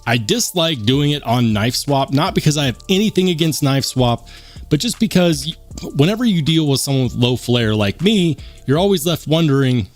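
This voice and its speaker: A man's voice: on the high side, expressive, moderate pace, soft background music. A man hosting a casual live stream, reading the chat aloud and joking about himself in a plain, unaccented voice. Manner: chatty, reads chat aloud, self-mocking.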